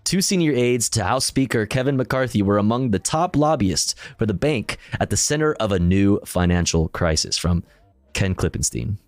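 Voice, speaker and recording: A man's voice: fairly low pitch, expressive, moderate pace, dry recording, soft background music. A male streamer casually reading news articles aloud and commenting, profane and self-deprecating, often stumbling over his words.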